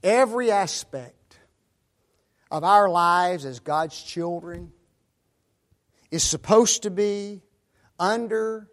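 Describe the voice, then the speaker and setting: High-voiced man preaching a sermon. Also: slow, long pauses. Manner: rhetorical questions, addresses listeners as folks.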